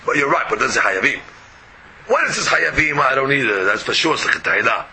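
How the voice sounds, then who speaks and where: Male Talmud teacher, lively swooping delivery, debating himself with rhetorical questions. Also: medium pitch, brisk, husky, poor audio. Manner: argues both sides with rhetorical questions. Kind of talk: animated Talmud class.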